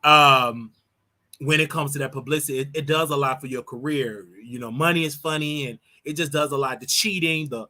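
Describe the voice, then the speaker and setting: Bright-voiced man ranting on celebrity gossip. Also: mid-range voice, fairly quick. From Chicago, United States. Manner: animated and opinionated, with repeated words and restarts. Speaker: show host. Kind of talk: solo commentary on celebrity gossip.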